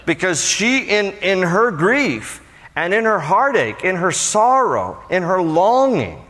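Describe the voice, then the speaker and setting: A man preaches to his congregation with animated energy, breaking into playful asides. His voice sits a little high, and it carries through the long reverb of a church hall. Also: slow pace. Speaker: pastor. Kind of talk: sermon.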